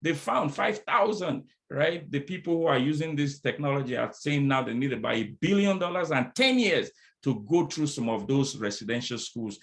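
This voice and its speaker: A man's voice: on the high side, animated, normal speed, gravelly. A middle-aged man who speaks French as well, giving a motivational conference talk on diversity as a consultant, with call-and-response and repeated phrases, heard over a video call.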